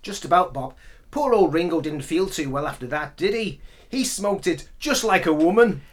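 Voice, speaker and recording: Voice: mid-range voice, expressive, moderate pace, close to an everyday voice. A performer impersonating a friendly older male pop musician in a comedy sketch, speaking in a chummy, placating way. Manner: chummy, placating, uses "man" and first names.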